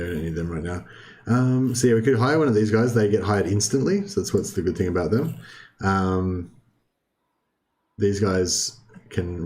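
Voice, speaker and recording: A young man casually commentating his strategy game play, thinking aloud with many filler ums and the odd throat clearing. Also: sits low, darkish tone, slight background noise. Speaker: gaming video host.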